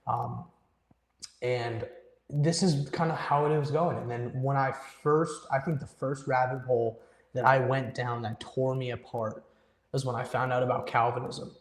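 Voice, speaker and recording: A man's voice: mid-range voice, steady tone, unhurried. Earnest young man in an echoey room. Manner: earnest, emphatic storytelling with quoted inner speech. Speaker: guest musician. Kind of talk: personal story in a live interview. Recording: echoey room with long reverb.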